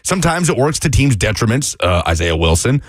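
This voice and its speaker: A man co-hosting a sports radio show, talking through football news in an animated, conversational way on a studio microphone. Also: mid-range voice, brisk, no room sound. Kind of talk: casual sports radio chat.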